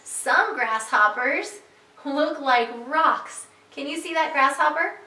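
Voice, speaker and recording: A preschool teacher leads a reading lesson, speaking slowly and clearly and drawing out each word for young children. Her bright, somewhat high voice is expressive and encouraging, and she asks the children questions. The room gives her voice a noticeable echo.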